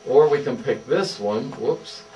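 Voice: medium pitch, a little slow, mellow, highs cut off. A speech therapist coaching a young child through voice exercises, with encouraging, sing-song praise. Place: indoor therapy room. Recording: distant mic with faint mains hum.

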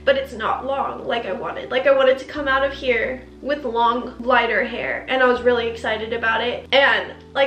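A young woman vlogger delivers an emotional storytime rant about a bad haircut, near tears and frustrated, in a steady, somewhat bright voice at normal speed with few pauses. She acts out both sides of the exchange, quoting herself and the hairdresser in higher voices. The room is echoey, with faint music in the background.

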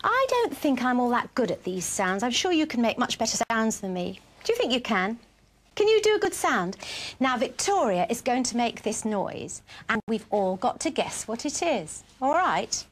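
She hosts a children's TV show, her voice on the high side, very animated and at normal speed. Speaking to small children, she's playful, coaxing and encouraging, with a sing-song teacher's lilt.

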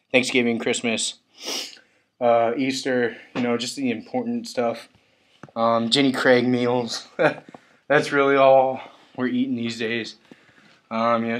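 Slow, laid-back young man. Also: medium pitch, a bit bright. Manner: laid-back, halting, lots of ums and uhs, offhand jokes. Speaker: vlogger giving a house tour. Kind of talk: casual house tour narration. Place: inside a house.

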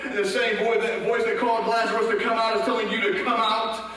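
A man preaching an impassioned sermon, rising to shouts and dropping to hushed asides. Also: sits high, little pitch movement, fast talker, very echoey, long reverb tail, recorded from a distance, low-quality recording. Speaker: pastor. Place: church sanctuary.

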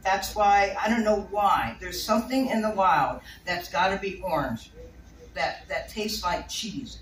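A woman's voice: medium pitch, a little slow. Chatty woman, laughs a lot, distant mic, roomy echo, faint hiss. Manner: chatty, laughs often, rambling asides. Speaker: bird keeper giving a talk. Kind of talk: casual talk to a small audience. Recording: echoey room, distant mic, faint noise.

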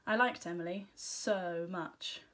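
A woman teacher reading a children's storybook aloud, giving gentle, expressive first-person narration. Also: fairly low pitch, slow.

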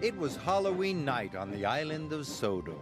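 A man narrating a children's story in an expressive storybook style. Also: on the high side. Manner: slow, expressive. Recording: music bed underneath. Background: music.

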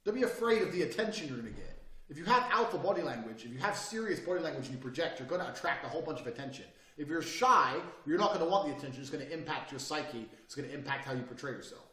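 A man's voice: a little high, lively intonation, quick pace. Brash swearing man lecturing in a roomy space. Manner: blunt, brash and forceful, swearing freely. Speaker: course instructor. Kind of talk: profane motivational lecture. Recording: roomy sound, mic at a distance.

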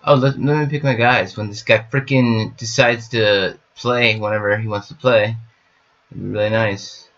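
A man's voice: on the low side, fairly even intonation, moderate pace, fairly bright tone. A man commenting casually on his card game, rambling and repeating little stock phrases, with the odd goofy joke. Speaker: gaming streamer. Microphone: webcam setup at home. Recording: slightly dull lo-fi sound.

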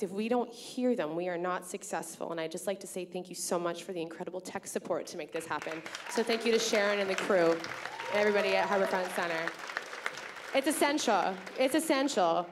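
A Canadian woman hosting a live tap festival show from the stage, chatty and grateful, telling stories with lots of "um" and "uh". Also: mid-range voice. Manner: chatty, grateful, storytelling with many fillers. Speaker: festival organizer and host. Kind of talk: onstage emcee speech to a live audience.

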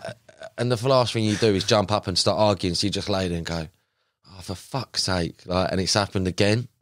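A young man, a podcast guest, chatting casually and telling animated, slangy stories full of fillers. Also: deep voice, fast talker, no echo, studio quality. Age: young adult. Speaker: podcast guest, carp angler. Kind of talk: casual chat.

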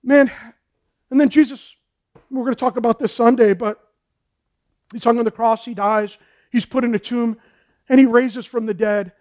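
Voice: medium pitch, steady tone, moderate pace, pauses often, darkish tone, highs cut off. A pastor preaching a sermon in a fervent, repetitive way, often saying "man" and "folks".

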